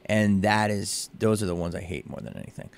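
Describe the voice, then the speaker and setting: Gravelly comedian man telling a story. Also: deep voice, a little fast. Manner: rambling, animated storytelling with asides. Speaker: comedian guest. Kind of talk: telling a story in a radio interview. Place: radio studio.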